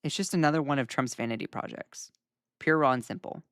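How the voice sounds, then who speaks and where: Young man, live-stream news commentator, chatty and animated, mid-pitched, dry close sound. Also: brisk, no echo.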